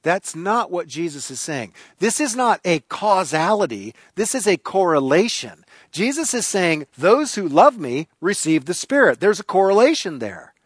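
A man's voice: high-pitched, big pitch swings, normal speed, few pauses, slightly rough, dry recording. A man preaching a sermon, emphatic and repeating key phrases for stress. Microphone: recorded for online viewers.

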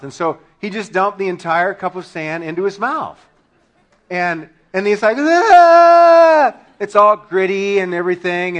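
A man preaching a sermon to his congregation, telling funny stories with sudden shouted punchlines and laughing along. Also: high voice. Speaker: pastor.

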